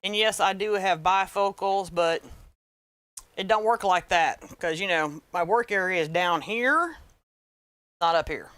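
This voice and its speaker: A woman's voice: on the low side, a little slow, fairly bright tone, no room sound. A woman with a Southern American accent hosting a casual livestream craft tutorial, chatting and greeting viewers by name. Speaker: livestream host, wreath maker.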